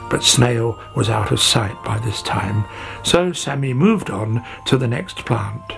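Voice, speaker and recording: A storyteller reading a children's story aloud in an expressive, unhurried way. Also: mid-range voice, gravelly. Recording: faint background music.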